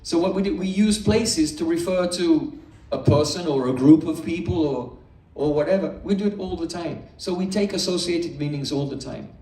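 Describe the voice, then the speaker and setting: A man giving a morning scripture class to a live audience, explaining patiently with everyday examples and gentle humor. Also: fairly high pitch, moderate pace, few pauses. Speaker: spiritual teacher. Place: indoor hall with a live audience. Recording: echoey room, distant mic.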